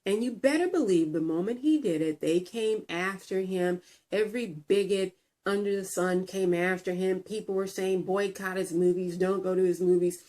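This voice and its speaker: A woman's voice: medium pitch, normal speed, hardly any pauses, mellow. A woman vlogger telling a story in a casual commentary video, blunt and profane, often stumbling over and repeating words.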